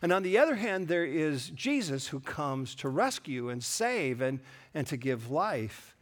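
A man's voice: on the high side, big pitch swings, measured pace. A middle-aged man preaching a sermon, earnest and storytelling, with touches of self-deprecating humor. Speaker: pastor.

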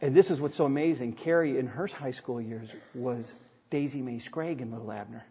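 A man's voice: mid-range voice, normal speed, mellow, breathy edge. A middle-aged man preaching a sermon from the pulpit, reading scripture aloud and telling personal stories in an earnest way with touches of light humor. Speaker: pastor. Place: church sanctuary. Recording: dull sound with long hall reverb.

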